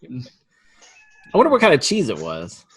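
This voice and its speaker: A man co-hosting a podcast, amused and quick to laugh, talking slowly with a voice that swoops widely up and down. His tone is bright, with a faint hiss of noise behind him. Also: mid-range voice, huge pitch swings. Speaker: podcast co-host. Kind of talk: casual podcast chat.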